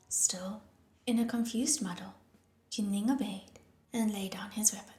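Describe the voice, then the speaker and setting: A woman narrates an audiobook in a soft, hushed voice that often drops toward a whisper. Her pitch sits in the middle of the usual range. The room lends an echo, and faint instrumental music plays underneath. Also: steady tone, unhurried.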